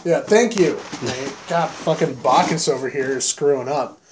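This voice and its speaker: A young man hosting a casual podcast chat, animated and swearing freely as he tells stories. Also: a little high, moderate pace, noisy background. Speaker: podcast host and film director.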